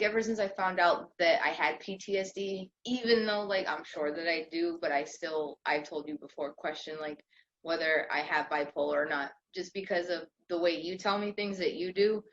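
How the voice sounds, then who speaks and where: A woman's voice: mid-range voice, moderate pace, fairly bright tone. A young adult woman co-hosting a podcast in casual chat, rambling with lots of fillers and restarts. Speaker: podcast co-host. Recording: slightly dull lo-fi audio with faint noise.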